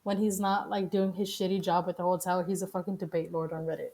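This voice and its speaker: A woman streamer giving casual, profane commentary on the news, blunt and quick to laugh. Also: fairly low pitch, little pitch movement, warm tone.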